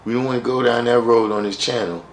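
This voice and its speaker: A man's voice: medium pitch, steady tone, fast talker, roomy sound, slight background noise, poor audio. A man hosting a live stream, chatting casually with viewers in a wry, joking way and often repeating himself.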